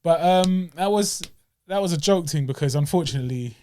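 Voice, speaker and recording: A man's voice: a little high, brisk, slight background noise. Chatty podcast host, man. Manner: chatty, mocking, swings loud and soft. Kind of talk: casual chat.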